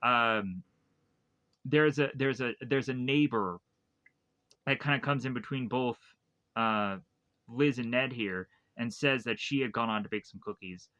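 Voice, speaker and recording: A man's voice: mid-range voice, measured pace, fairly bright tone, no echo, muffled recording. A man casually recapping a movie plot in a rambling way, full of fillers and restarts. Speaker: film reviewer.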